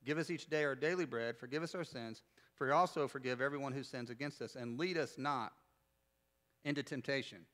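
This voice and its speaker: A man, preaching a sermon in a conversational, joking way with bursts of loud emphasis. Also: mid-range voice, fairly quick. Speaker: pastor.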